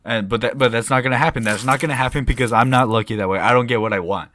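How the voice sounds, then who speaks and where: A young man co-hosting a casual podcast, telling a rambling story with lots of swearing and excitable bursts. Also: medium pitch, very fast. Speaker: podcast co-host. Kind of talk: casual chat.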